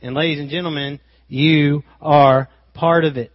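A man preaching with a fairly high voice. He swings from loud, driven emphasis down to quiet, intimate asides. The sound is dry and a little dull. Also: steady tone, a little slow, no room sound. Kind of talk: sermon.

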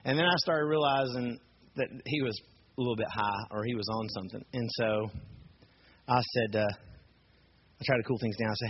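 A man, a youth group leader, telling a personal story in a lively way, full of fillers and acted-out quotes. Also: medium pitch, brisk, long pauses, lo-fi sound, a little hiss or hum.

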